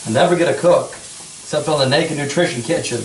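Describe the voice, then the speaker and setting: A man's voice: fairly high pitch, fairly quick, a little hiss or hum. A man co-hosting a home cooking show, playful and punning, tossing in jokes and little rhymes. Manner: playful, punning, sings snatches. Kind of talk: joking banter. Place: home kitchen. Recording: roomy kitchen, mic at a distance.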